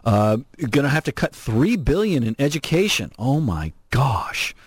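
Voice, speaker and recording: A man hosting an opinionated political talk radio show from Southern California, animated, sarcastic and emphatic. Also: mid-range voice, measured pace, slightly rough, no room sound. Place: radio studio.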